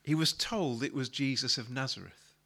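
A man's voice: medium pitch, normal speed, pushed and bright. A male pastor preaching a sermon, retelling a story in a conversational way and often repeating words as he restarts a thought.

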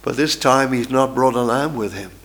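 A man's voice: mid-range voice, moderate pace, fairly bright tone, natural voice. A male preacher voicing a puzzled, uneasy young boy who keeps asking questions in a sermon retelling.

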